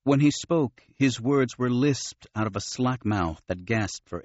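A man narrating an audiobook with steady, expressive storytelling. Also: mid-range voice, a little slow, few pauses, no room sound. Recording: dull, dry studio recording.

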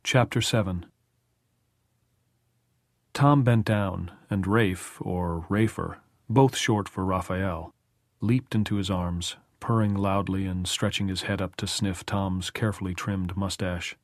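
A man narrating an audiobook in measured, even storytelling. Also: deep voice, no echo, clean studio sound. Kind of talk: scripted narration.

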